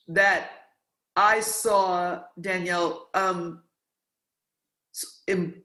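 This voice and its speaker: Animated host in an echoey room. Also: medium pitch. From New York, USA. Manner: animated, emphatic storyteller, repeats words. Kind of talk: interview, conversational. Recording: roomy, echoey sound.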